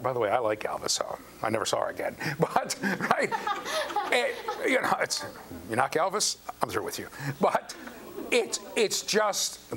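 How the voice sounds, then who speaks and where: An older man lecturing a university class, telling stories and acting out the quotes, often checking in with the students. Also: medium pitch. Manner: animated storyteller, acts out quotes, asks the class questions. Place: lecture hall. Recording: faint background noise and hum.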